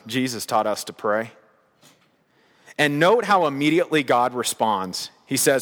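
A man's voice: medium pitch, normal speed, a bit bright, long reverb tail. A male pastor preaching a sermon with an emphatic, repetitive cadence.

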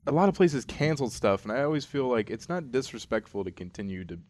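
A man's voice: medium pitch, big pitch swings, quick pace, darkish tone. A young man co-hosting a casual podcast, rambling and laid-back with lots of fillers. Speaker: podcast co-host. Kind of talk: casual chat.

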